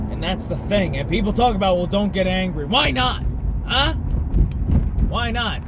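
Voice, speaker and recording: Man doing a high-pitched, fiery conspiracy talk-show host, preachy then bellowing, street noise behind. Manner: preachy, building to furious shouting. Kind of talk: comic impression rant.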